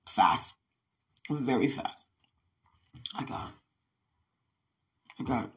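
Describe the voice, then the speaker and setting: A woman's voice: very deep voice, lively intonation, takes it slowly, slightly rough. A woman rambling to herself in an emotional monologue, sighing and praying aloud as she talks. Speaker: mother talking to herself.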